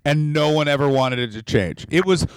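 Man co-hosting a podcast, crude and sarcastic, swearing, higher voice. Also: normal speed, slight background noise. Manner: profane, sarcastic, mocking impressions. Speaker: podcast co-host. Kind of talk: crude comedic podcast banter.

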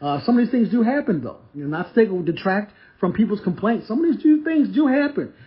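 A man's voice: high-pitched, expressive, brisk. A man hosting a podcast, reviewing a restaurant in a casual, enthusiastic monologue full of repeats and stumbling restarts. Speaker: podcast host. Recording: slightly dull lo-fi audio.

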